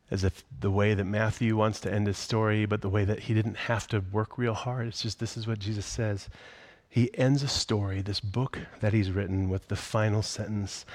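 A middle-aged man preaching a sermon in a conversational way, dropping to hushed whispers on key phrases. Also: lowish voice, no echo. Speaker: pastor.

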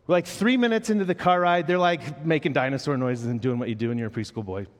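A man in his thirties, a pastor giving a sermon, reading scripture and then telling a lively personal story about his son, acting out the children's lines. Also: on the high side, fast. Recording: long reverb of a large hall.

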